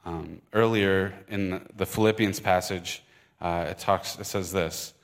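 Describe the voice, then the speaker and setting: Man pastor with a Michigan accent, low-pitched, informal and earnest from the pulpit. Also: fairly even intonation, unhurried. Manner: conversational, earnest, with fillers and restarts. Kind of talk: sermon. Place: church service. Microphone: microphone.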